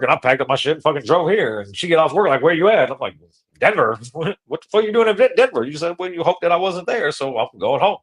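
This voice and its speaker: A man hosting a podcast, telling a road-trip story in casual, profane, slangy talk that gets animated. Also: a little high. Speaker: podcast host.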